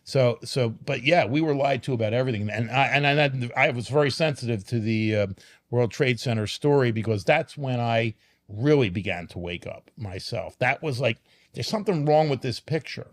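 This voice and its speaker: A man who is a podcast guest, talking in an emphatic, argumentative way and slowing down to stress words. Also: medium pitch. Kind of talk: casual podcast conversation.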